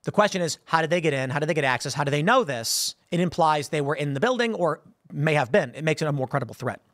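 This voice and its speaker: A man's voice: a little high, lively intonation, fast talker, a bit bright, dry recording. Stammering male host, dry close sound. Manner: stammering restarts, repeating words. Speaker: commentary show host. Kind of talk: casual commentary monologue.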